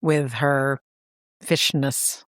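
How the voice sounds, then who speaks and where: A woman's voice: rumbling low, fairly even intonation, extremely slow, dry recording, studio quality. A woman co-hosting a podcast, chatting casually and acting out movie dialogue with lots of "like" and "dude.". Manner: chatty, says "dude" and "like", acts out quoted dialogue. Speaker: podcast co-host. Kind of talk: casual movie rewatch chat.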